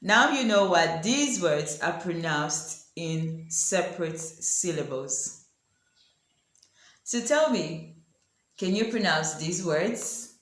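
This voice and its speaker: A woman teaching a language lesson, asking the viewer questions and repeating example words slowly. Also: on the low side, lively intonation, fairly bright tone, roomy sound. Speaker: French teacher. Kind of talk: language lesson explaining pronunciation.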